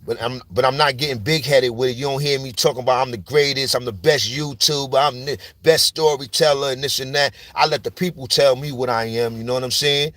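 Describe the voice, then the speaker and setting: A man's voice: medium pitch, steady tone, a little fast, few pauses, fairly bright tone, no echo. A man from New York with a New York accent, telling stories in a casual, slang-heavy monologue full of "you heard?" tags. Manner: street slang, repeats "you heard?" and "you know what I'm saying". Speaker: storyteller YouTuber.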